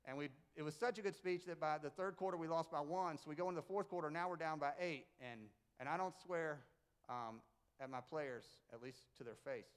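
High-voiced, animated middle-aged male pastor. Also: fairly quick, smooth. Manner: animated storyteller, emphatic, jokey asides. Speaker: pastor and basketball coach. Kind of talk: conversational Easter sermon. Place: church sanctuary with congregation.

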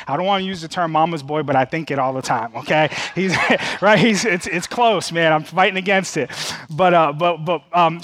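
A man's voice: a little high, a bit bright, no echo. A middle-aged man preaching a conversational sermon, full of stammered restarts and "okay?" check-ins to the congregation. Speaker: pastor.

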